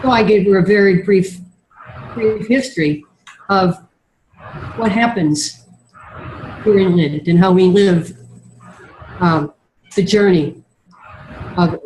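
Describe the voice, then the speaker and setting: A woman's voice: lowish voice, a little hiss or hum. A woman speaking over a video call from an office, earnest and sincere, her voice nasal from a sinus infection, with frequent ums and restarts. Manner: earnest, warm-hearted, with many ums and restarts. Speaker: guest speaker, refugee services worker. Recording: echoey video call audio.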